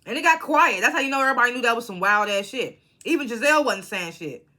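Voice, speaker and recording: Woman, casual recap vlogger, bright, blunt and profane, animated storyteller. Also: a little high, quick pace.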